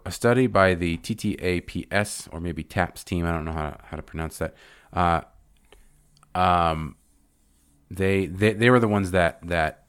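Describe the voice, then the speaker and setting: Very deep-voiced American man hosting. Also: no room sound. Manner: rambling, reads facts with fillers. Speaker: podcast host. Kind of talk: casual podcast chat.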